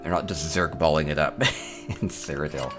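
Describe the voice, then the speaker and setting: A man with a rumbling low voice hosts a casual tour of player homes in a game, speaking at a moderate pace over music. He chats upbeat, thinks aloud, and chuckles a little.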